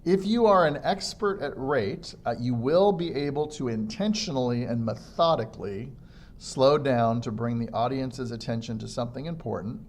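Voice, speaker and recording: A man teaching a lesson on public speaking, demonstrating good and bad delivery as he explains. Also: a little hiss or hum. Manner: demonstrates faults by mimicking them, varied pitch and pace. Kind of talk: instructional lecture on public speaking.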